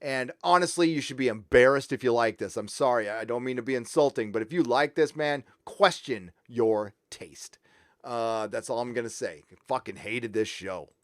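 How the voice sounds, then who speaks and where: A man's voice: mid-range voice, normal speed, fairly bright tone, no room sound, clean studio sound. A middle-aged man from Southern California hosting a livestream, ranting in a casual, profane, rambling way with frequent restarts. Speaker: livestream host reading super chats.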